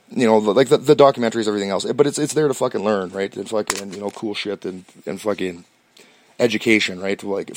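Canadian male podcast host, fast talker, profane stammering ramble, lowish dry voice. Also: no echo. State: stoned. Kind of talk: rambling casual monologue.

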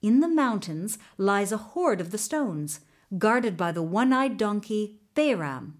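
Kindly little talking horse for a storybook, a woman reading it, unhurried and reassuring. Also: mid-range voice, very animated. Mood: calm. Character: small talking male horse, loyal and brave. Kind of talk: storybook narration.

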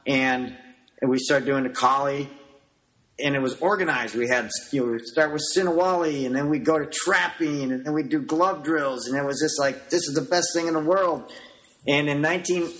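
A middle-aged man, a martial arts coach, talking as a guest in a relaxed storytelling way, loose and rambling, often acting out what he said back then. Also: mid-range voice. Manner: animated storyteller who acts out his younger self in quotes; loose, rambling with many "you know" fillers. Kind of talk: casual storytelling interview.

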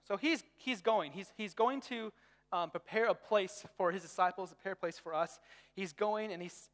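A man preaching a sermon to young people in a lively, conversational way, with everyday stories. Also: sits high, in a large hall. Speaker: youth pastor.

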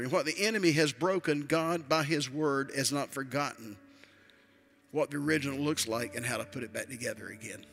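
An older man preaching a sermon as a bishop, swinging between quiet asides and loud emphatic build-ups. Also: medium pitch, fairly quick, faint music behind.

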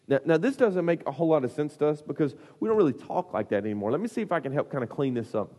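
Man, youth preacher, slightly high and husky, animated and funny, long hall reverb. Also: racing, few pauses. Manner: animated, comic storytelling with lots of fillers. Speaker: youth pastor. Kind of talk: storytelling sermon.

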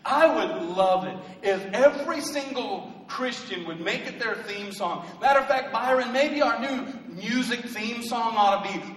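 A male pastor preaching a sermon in a church, swelling into loud emphatic bursts and joking asides. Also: extremely high pitch, measured pace, hardly any pauses. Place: church sanctuary. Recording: echoey hall from a distant mic.

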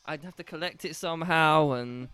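A man's voice: fairly high pitch, normal speed, fairly bright tone, clear, resonant tone. A young man co-hosting a casual podcast, bantering crudely and laughing often as he rambles through a story. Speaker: podcast co-host.

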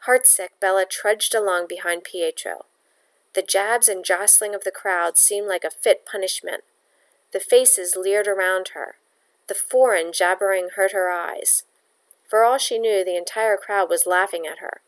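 A woman reading a novel aloud at a mid pitch. Her delivery is steady and plain, carrying the narration evenly. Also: moderate pace. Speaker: audiobook reader.

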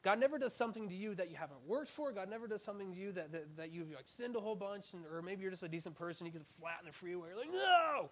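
A young man preaching an interactive sermon, animated and playful, with self-mocking asides. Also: sits high, very fast, few pauses, slight background noise. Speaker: student preacher.

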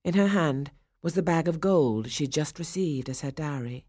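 A woman narrating a ballet storybook in a measured, expressive way. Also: deep voice, husky, no room sound, studio quality.

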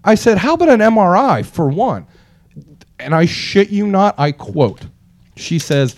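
A man's voice: sits high, very animated, a little slow, darkish tone. A man telling a long story in casual chat, swearing often and acting out what people said to him, growing exasperated. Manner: profane, exasperated, acts out quotes.

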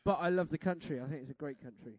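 A man's voice: a little high, rapid-fire, darkish tone. A man from Britain rambling and stumbling over his words in casual group banter.

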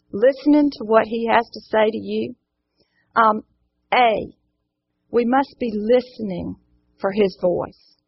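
Speaking to a live group in an indoor room, a woman leads an earnest, encouraging Bible study and often puts questions to them. Her voice is slightly high and gravelly with a breathy edge, captured in a dull lo-fi recording.

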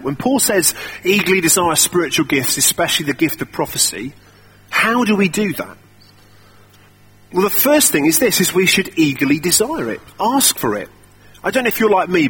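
A man's voice: fairly high pitch, a bit bright, husky. A young man preaching a sermon in a conversational, self-deprecating storytelling way.

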